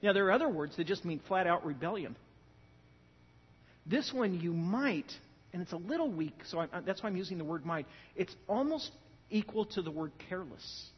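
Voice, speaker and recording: Male pastor, husky and fairly high-pitched, lively sermon delivery with big swings in volume; dull recording with long hall reverb. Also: moderate pace. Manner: animated, joking storyteller who swings from loud emphasis to quiet.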